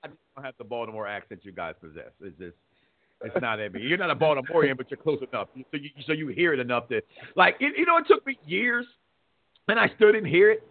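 A man's voice: mid-range voice, sing-song, fast talker. A man hosting a casual sports talk show, rambling and repeating words as he thinks. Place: radio studio. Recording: phone-like radio line.

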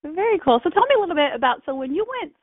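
A woman's voice: high voice, animated, rapid-fire, no echo. A woman hosting an interview, asking questions and encouraging her guest. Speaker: interviewer, host. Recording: tinny phone-like line, dry.

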